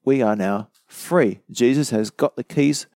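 This bible teacher gives a conversational sermon-style study, going verse by verse and dropping in casual asides. His voice is mellow and medium-pitched, a little slow, with no room sound.

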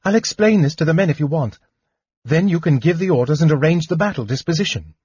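A man voicing a young elf woman who speaks in a high, breathless, urgent way in an audiobook. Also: moderate pace, warm tone, breathy edge, no echo, muffled recording, lightly acted. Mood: eager. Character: young elf woman, earnest, pleading, desperate. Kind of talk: audiobook character voice.

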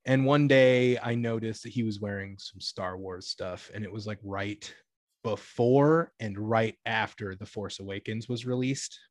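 A young man in his twenties rambles casually through stories from his job as a retail cashier, using lots of "like" and correcting himself as he goes. When he quotes people, he acts them out with sudden high-pitched bursts and laughter. He speaks at a measured pace, and there's no room sound.

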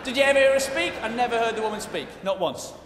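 Man, stand-up comedian, mock-indignant and quick, high lively voice, loud crowd noise in a reverberant hall. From Britain. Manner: quick, animated, mock-indignant, bursts into shouted impressions. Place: large theatre stage before a live audience. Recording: roomy, echoing hall with loud audience noise.

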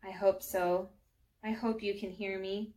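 A woman's voice: medium pitch, flat delivery, measured pace, warm tone, a little hiss or hum, close to an everyday voice. A woman voicing a young schoolgirl who prays in an earnest, hesitant way, in a storybook reading.

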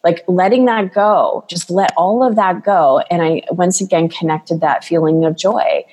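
A woman with a somewhat low voice talks as a podcast guest coach. She speaks earnestly and loosely, with lots of fillers as she tells her stories. Her voice carries a long, reverberant room echo. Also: measured pace, a little mellow, breathy edge. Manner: earnest, storytelling with many fillers. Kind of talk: conversational podcast interview.

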